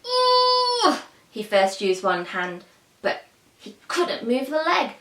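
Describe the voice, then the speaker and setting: A woman's voice: medium pitch, big pitch swings, takes it slowly, fairly bright tone. A woman telling a children's story expressively, asking her listeners questions, in an echoey room.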